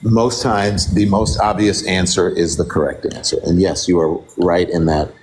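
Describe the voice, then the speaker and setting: A man on a talk show panel, speaking slowly and deliberately with firm emphasis. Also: low-pitched, steady tone, darkish tone, a little hiss or hum.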